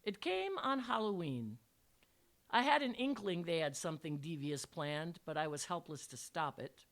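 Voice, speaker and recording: A woman's voice: fairly low pitch, sing-song, moderate pace. An older woman, a retired teacher, reading a personal story aloud with dry, wry humor. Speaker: retired teacher telling a memoir.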